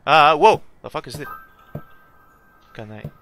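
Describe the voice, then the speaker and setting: A young man with a high, bright voice narrates his own horror game session. He swears often and yelps at the scares. His pitch leaps all over, and a faint hiss sits under the recording. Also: big pitch swings, slow, pauses often. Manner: jumpy, swearing, yelling at jump scares. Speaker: gaming YouTuber. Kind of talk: horror game let's play commentary.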